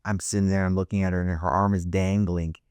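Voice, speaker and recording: A man's voice: sits low, level tone, fast, darkish tone, clear, resonant tone, no echo. A middle-aged man hosting an interview, telling a family story with many restarts and acted-out voices. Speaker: host.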